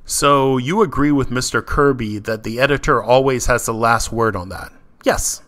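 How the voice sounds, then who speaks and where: Male narrator with a bright voice, reads legal testimony plainly, taking all the parts himself. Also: moderate pace. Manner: reads every part himself, mostly plain, with small lifts in pitch for quoted lines. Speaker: video essay narrator. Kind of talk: reading a legal transcript aloud.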